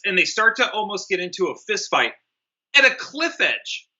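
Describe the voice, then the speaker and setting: Animated, sharp-voiced man joking about a film. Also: sits high, brisk, lo-fi sound. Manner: animated, jokey, swears freely, acts out voices. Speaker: film review podcast co-host. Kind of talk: casual comedic movie review chat.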